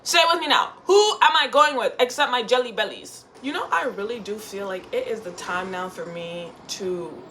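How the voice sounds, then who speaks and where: A young woman tells a story at home in a chatty, animated way, stuffing her sentences with "like" and "y'all". Her voice sits at a middle pitch, with a faint hiss of noise under it. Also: moderate pace, few pauses. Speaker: vlogger. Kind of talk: casual sit-down storytime. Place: indoors at home, seated.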